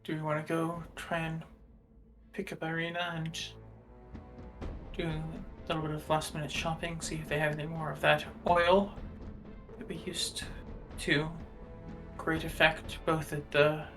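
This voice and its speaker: A player at a tabletop game speaks in a flat, even monotone and makes hesitant suggestions. The voice sits a little away from the mic, with soft music behind. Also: mid-range voice, a little slow. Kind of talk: casual chat at a tabletop game.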